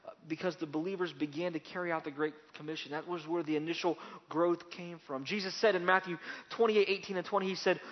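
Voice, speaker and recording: Pastor guy preaching, kinda high voice, long echo, muffled lo-fi sound. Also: fairly even intonation, quick pace, hardly any pauses. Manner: preaching with rising emphatic bursts and repetition. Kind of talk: sermon. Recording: dull lo-fi sound with long hall reverb.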